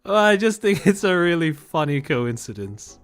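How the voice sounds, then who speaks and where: A young man from Australia with a polished Australian accent, chatting casually on a livestream. He rambles, laughs often, repeats words as he starts sentences, and enunciates crisply. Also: on the high side, sing-song, a little slow. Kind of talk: casual livestream chat, reading chat.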